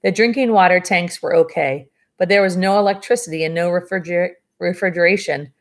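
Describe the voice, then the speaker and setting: Woman reading a novel aloud, lower voice. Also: brisk. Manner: chatty asides, dry sarcasm. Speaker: reader of a novel. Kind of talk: reading a book aloud with commentary.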